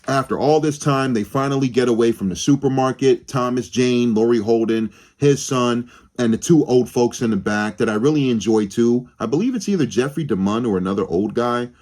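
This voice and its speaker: Young guy reviewing a movie, loose and rambly, cusses a lot, regular pitch. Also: brisk, a little mellow. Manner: rambling, profane, restarts often. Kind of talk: casual spoken film review.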